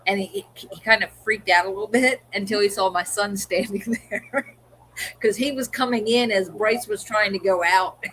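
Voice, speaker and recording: A woman's voice: medium pitch, normal speed, a bit bright, a little hiss or hum, low-quality recording. A middle-aged woman co-hosting a livestream, chatting casually and acting out what her family said. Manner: chatty storyteller, acts out family quotes. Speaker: co-host of a livestream. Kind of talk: casual chat.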